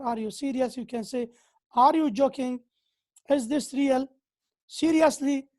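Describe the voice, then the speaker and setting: A woman gives an English grammar lecture in a high voice. She talks slowly and deliberately, repeating key phrases and pausing now and then to find her words. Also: a little mellow. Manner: slow, repeats key phrases, occasional hesitations.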